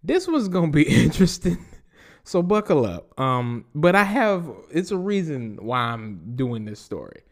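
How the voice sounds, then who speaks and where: With a slightly high, sing-song voice and a measured pace, a Southern US podcaster reads news stories aloud. He riffs on them loosely, laughing and swearing freely.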